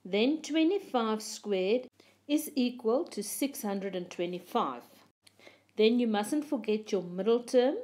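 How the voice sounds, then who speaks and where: A woman giving a step-by-step maths lesson as a voice-over, explaining each move slowly and methodically. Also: a little high, animated, mellow. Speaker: maths teacher.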